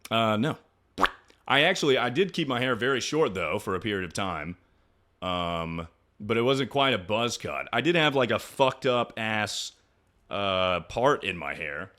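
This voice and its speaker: Young guy streamer, kinda low voice, crude jokey banter, laughs a lot, trails off and restarts. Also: expressive, unhurried, pushed and bright. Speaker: streamer answering chat questions. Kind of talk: casual livestream chat.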